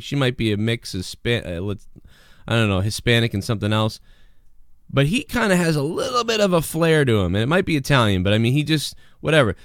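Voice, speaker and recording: A man's voice: medium pitch, dry recording, clean studio sound. Swearing, rambling man host. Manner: rambling, swears a lot, mocking shouted impressions. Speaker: show host reacting to a video. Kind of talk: casual profane commentary.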